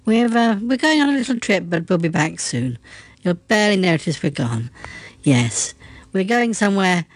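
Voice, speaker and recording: A woman's voice: mid-range voice, very animated. A performer voicing an affectionate, fussy lady who gushes and gets flustered. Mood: gushing. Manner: gushing, slow, flustered.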